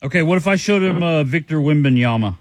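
A man's voice: fairly high pitch, lively intonation, fast, no echo. A man co-hosting a radio-style show, joking and laughing in disbelief at a caller's mistake. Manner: laughing, incredulous, mocking. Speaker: co-host. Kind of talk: casual joking banter.

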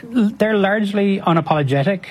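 A male news reporter giving a measured answer on a TV interview. He is somewhat high-pitched and husky, and pauses often with fillers. The clip is played back from a broadcast. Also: animated.

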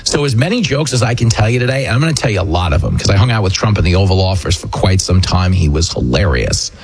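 A man with a New York accent hosting a political commentary show, talking in a mocking manner and acting out quotes in a shrill high voice. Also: expressive, fast, slightly rough. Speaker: show host.

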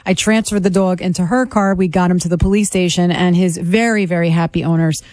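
A woman rattles through an anecdote at a quick clip, animated and acting out the voices of the people involved. The sound is dry and close. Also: fairly low pitch, no echo. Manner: animated, acts out quotes. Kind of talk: casual storytelling.

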